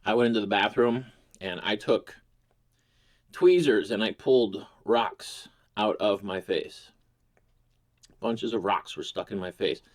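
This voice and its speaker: A man's voice: on the low side, measured pace, pauses often. A man hosting his own channel, telling a crude, rambling comic story full of swearing. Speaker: host. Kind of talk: casual comedic storytelling.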